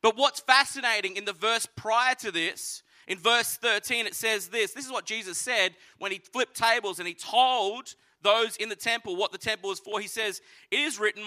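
A man preaching a sermon, telling the story with animated energy and acting out voices. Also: high voice, normal speed. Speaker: pastor.

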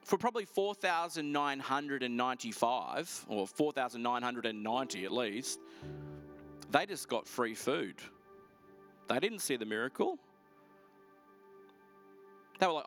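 A middle-aged man preaching a sermon, telling stories in a lively, animated way. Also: medium pitch, soft background music. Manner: lively, animated storytelling with quick asides. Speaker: pastor. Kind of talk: storytelling sermon.

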